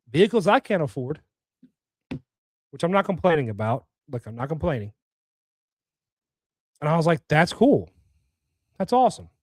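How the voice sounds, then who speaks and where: A man's voice: on the high side, no echo, studio quality. Blunt, opinionated sports talk man. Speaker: podcast host. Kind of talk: casual sports talk show rant.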